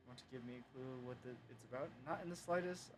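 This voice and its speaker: A man's voice: medium pitch, fast talker, background noise. A man streaming a game and reading its dialogue and journal entries aloud himself. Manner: reads all game text in his own voice, with bursts of loud exclamation. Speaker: gameplay streamer.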